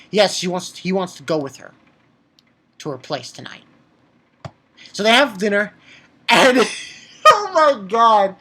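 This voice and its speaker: Excited and casual, a man recaps an episode of an anime in a voice that sits high. He keeps swearing and tripping over filler words and restarts.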